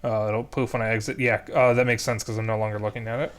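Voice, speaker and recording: A man's voice: on the low side, level tone, fast, clean tone. A young adult man streaming a game, recapping the story and planning his next moves aloud as he plays. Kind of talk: gameplay commentary.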